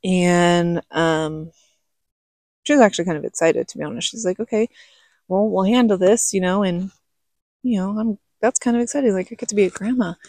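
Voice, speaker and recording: A woman's voice: medium pitch, moderate pace, dark tone, dry recording. A middle-aged woman telling her life story to camera in a casual, frank way, often checking in with "okay?". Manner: chatty, frank, with many "okay?" asides.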